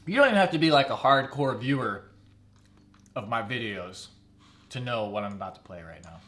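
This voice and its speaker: A man's voice: medium pitch, animated, a little fast, fairly bright tone. A young man chatting casually on a live stream at his computer, rambling and often laughing.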